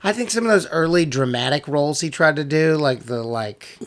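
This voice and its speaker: A man's voice: a little high, expressive, fairly quick, a bit bright. A man co-hosting a movie review podcast, chatting casually with blunt, jokey asides. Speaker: podcast co-host.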